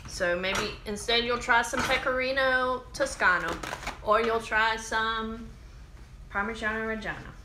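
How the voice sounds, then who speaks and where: A woman hosting a casual cooking demo, chatty and excitable, calling her viewers y'all. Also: medium pitch, reverberant, background noise. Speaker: cooking show host.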